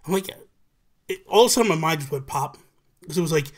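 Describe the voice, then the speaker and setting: Animated storyteller man, higher voice. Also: quick pace. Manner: animated storyteller who acts out quotes. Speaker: podcast host. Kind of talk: casual livestream chat. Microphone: video call.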